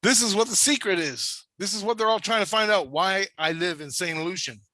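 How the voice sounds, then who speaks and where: A high-pitched man rambles through a story with constant swearing. His voice is bright and edgy, and it sounds close and dry over a video call. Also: fairly quick, no room sound. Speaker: storyteller in a conversation. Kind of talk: casual profane storytelling.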